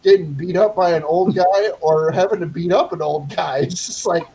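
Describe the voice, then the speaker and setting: A man's voice: high voice, normal speed, few pauses, warm tone, slightly rough, poor audio. A man chatting casually, telling a rambling story with frequent laughs and restarts.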